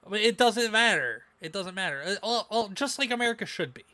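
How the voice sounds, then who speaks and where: A man co-hosting a casual livestream podcast, animated and repeating phrases for emphasis. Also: high voice, fast talker, no echo. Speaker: podcast co-host.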